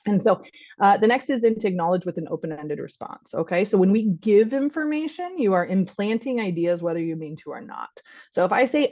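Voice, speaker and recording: A woman's voice: medium pitch, animated, quick pace, a little mellow, dry recording, highs cut off. A woman physician giving an online training workshop for caregivers, talking conversationally and acting out short exchanges, often laughing. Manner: conversational, acts out child and parent voices, laughs often.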